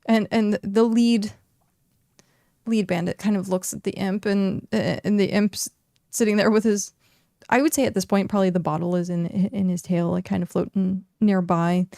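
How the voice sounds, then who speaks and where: A young woman narrating a tabletop role-playing game as game master, describing scenes in a lively way with many asides. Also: mid-range voice, normal speed, vocal fry, dry recording, clean studio sound.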